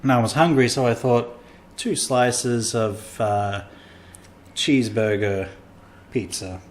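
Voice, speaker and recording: A man's voice: medium pitch, fairly even intonation, slow pace, slight background noise. Rambling self-mocking man chatting. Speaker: comedian podcast host. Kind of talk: casual chat.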